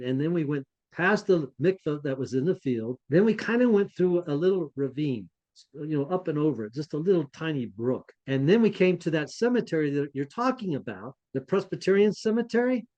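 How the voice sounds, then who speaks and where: A man co-hosting a podcast, telling a travel anecdote in a casual, animated, self-deprecating way and laughing along. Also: on the high side, lo-fi sound. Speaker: podcast co-host.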